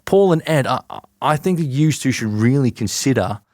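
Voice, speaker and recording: Bloke doing a goofy fake aussie mate, pitched way up, pushy and eager, stumbling. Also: male voice, animated, darkish tone, no room sound, studio quality, natural voice. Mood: jokey. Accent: put-on Australian. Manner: halting, laughing through a clumsy impression.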